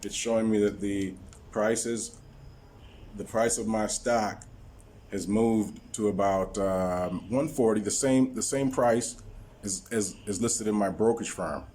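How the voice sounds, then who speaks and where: A man talking viewers through his stock trade on screen, halting often with repeated words and fillers. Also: fairly low pitch, fairly even intonation, a little mellow, a little hiss or hum. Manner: explaining to viewers. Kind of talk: screen-recorded trading walkthrough.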